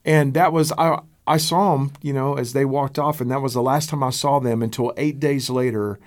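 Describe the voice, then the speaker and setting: A middle-aged American man, a pastor, telling a story in an interview in an earnest, halting way, with fillers and repeated words. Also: mid-range voice, fairly even intonation. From United States.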